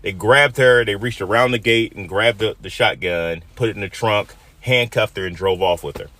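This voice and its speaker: A man in his fifties from Detroit tells a personal story in an emotional, dramatic way, dropping to a hush and then rising loud. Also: on the low side, moderate pace, no echo. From Detroit, USA. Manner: emotional, dramatic retelling that swings from hushed to loud.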